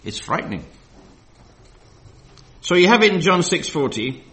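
A man preaching a Bible study sermon. He reads verses slowly and with emphasis, then drifts into loose, filler-heavy asides. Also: a little high, sing-song, a bit bright.

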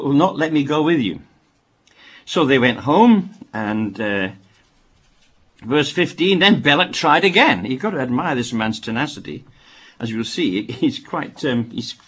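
A man's voice: mid-range voice, breathy edge. A man reading scripture aloud and breaking off for wry asides as he teaches. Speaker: Bible teacher. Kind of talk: Bible reading with commentary.

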